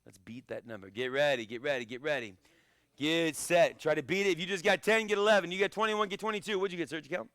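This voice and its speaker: Male karate instructor, dry close sound, energetic drill calls and jokes. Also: a little high, fast talker, smooth, no room sound. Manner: energetic, shouts encouragement and countdowns, jokes between sets. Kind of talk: live online fitness class coaching.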